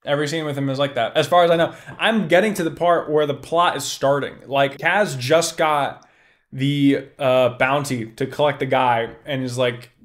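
A young man hosting a podcast, talking excitedly and casually about a book, animated and swearing freely. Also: medium pitch, moderate pace. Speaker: podcast host.

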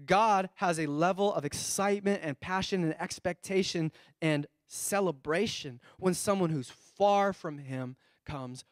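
A male pastor preaching a sermon to his congregation, lively and conversational, with call-and-response. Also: high-pitched, unhurried, hardly any pauses, no room sound, studio quality. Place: church sanctuary.

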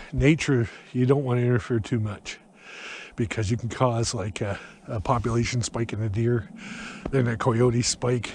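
A man's voice: medium pitch, a little mellow, slight background noise. Rambling middle-aged man, a bit breathless. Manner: rambling, chatty, many fillers. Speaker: gardening vlogger. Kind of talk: casual walking vlog. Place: outdoors in a snowy garden.

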